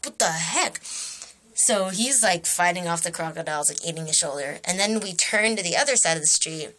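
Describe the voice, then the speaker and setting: Young woman vlogger, bright clear voice, casual camera-mic storytelling with lively quoted voices. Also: a little fast. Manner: animated storytelling with quoted voices jumping high in pitch. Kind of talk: casual dream retelling to camera.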